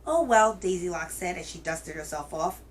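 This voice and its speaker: A woman hosting a children's reading show, telling a picture book aloud in a gentle, expressive way. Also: low-pitched, normal speed, a little hiss or hum, rough recording. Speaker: children's story reader, host.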